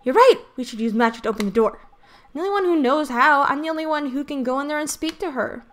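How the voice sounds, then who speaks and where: A woman voicing a gentle, earnest young boy hero as she reads a game's dialogue aloud, speaking softly and a little hesitantly. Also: sits high, lively intonation, fast talker. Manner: soft, hesitant. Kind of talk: reading game dialogue aloud.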